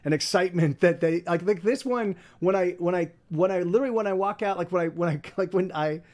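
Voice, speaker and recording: A man's voice: high-pitched, fairly quick. A man hosting a livestream, chatting casually, rambling with lots of restarts and repeated words. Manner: soft baby talk to his dog. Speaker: livestream host. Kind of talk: casual chat.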